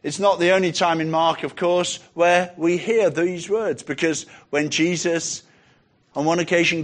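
High-voiced man preaching a sermon. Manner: emphatic, rhetorical questions, slows for key phrases.

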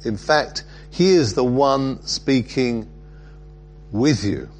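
A preacher voicing an earnest teacher who pleads in a voice lifted well above his usual low tone. The delivery is emphatic and slow, with faint music underneath. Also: animated. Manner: raised, emphatic quoting voice.

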